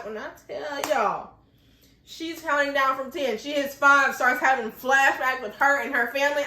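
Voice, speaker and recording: Woman, recap vlogger, high-pitched, animated and emotional, laughing, echoey room. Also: moderate pace. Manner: addresses viewers with rhetorical questions. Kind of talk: casual recap vlog.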